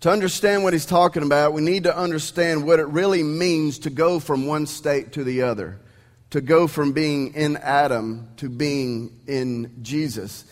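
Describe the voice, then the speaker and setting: In a church sanctuary, a man with an East Texan accent preaches through the sound system, leaning on rhetorical questions in an emphatic, conversational style. His pitch is a little high, and a long reverb tail follows his words.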